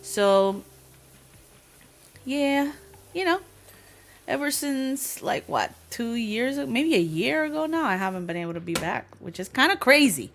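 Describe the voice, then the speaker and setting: A woman livestreamer chatting casually with her viewers, talkative, slangy and quick to laugh. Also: a little high, expressive, a bit bright, a little hiss or hum.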